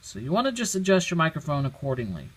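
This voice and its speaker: A man's voice: fairly high pitch, huge pitch swings, quick pace, slightly rough. A man giving a casual how-to demonstration, explaining each step plainly and thinking aloud. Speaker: product demonstrator. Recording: very noisy home recording.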